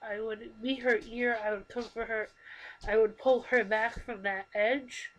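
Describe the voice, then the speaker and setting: A young woman in her twenties with a slightly higher voice talks into a computer microphone. She speaks haltingly and earnestly, with plain emotion in her confessional talk. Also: steady tone, slight background noise, poor audio. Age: 20s. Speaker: vlogger. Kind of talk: confessional personal talk to camera.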